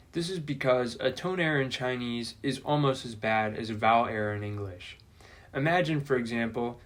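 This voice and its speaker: A man presenting a scripted language lesson, speaking in a clear, deliberate teaching manner with dry jokes. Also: medium pitch, a bit bright. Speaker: language-learning video presenter.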